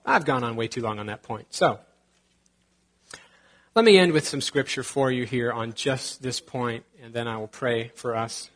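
A male pastor preaching in a relaxed, conversational way. His voice sits at an ordinary middle pitch. He slips in joking asides now and then. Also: husky. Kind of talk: sermon.

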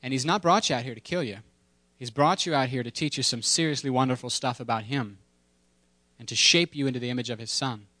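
A man's voice: mid-range voice, fast, bright, forceful tone, no echo. Conversational, joking male pastor. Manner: conversational and humorous, with playful asides and impressions; emphatic repetition when preaching. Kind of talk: sermon.

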